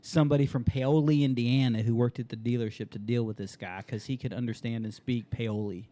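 A man's voice: mid-range voice, fairly even intonation, a little fast, dark tone. A man in his forties chatting casually, telling blunt, profane stories. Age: 40s. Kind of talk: casual chat.

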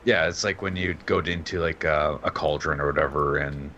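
A man's voice: very deep voice, steady tone, normal speed, bright, forceful tone, muffled recording, slight background noise. A man co-hosting a casual gaming chat, rambling as he explains things. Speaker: co-host.

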